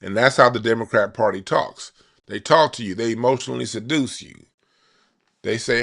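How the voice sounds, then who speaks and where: Gravelly guy hosting a card reading, slangy and loose, keeps restarting himself. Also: mid-range voice, moderate pace, a bit bright. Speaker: card reader, channel host. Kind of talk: casual monologue reading.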